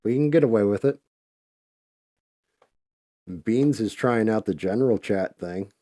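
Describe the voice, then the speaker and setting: A man's voice: on the low side, unhurried, warm tone, dry recording. A man hosting a live stream, chatting casually and swearing freely while he paints. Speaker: livestream host.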